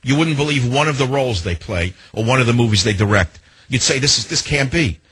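Very husky-voiced combative radio host man. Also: medium pitch, animated, fairly quick, fairly bright tone, no room sound, rough recording. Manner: combative, emphatic, piles up rhetorical questions. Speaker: radio talk show host. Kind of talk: opinionated talk radio monologue.

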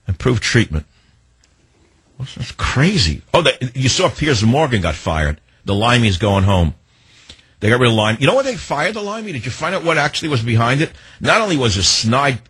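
A man's voice: mid-range voice, a bit bright, slightly rough, no echo. A man hosting a talk radio show, delivering a ranting, sarcastic monologue.

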